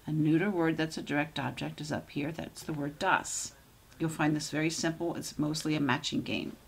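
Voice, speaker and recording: A woman's voice: low voice, flat delivery, vocal fry, a little hiss or hum. A woman teaching German grammar, patiently walking through example sentences and checking in with "okay?". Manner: slows down to model German sentences.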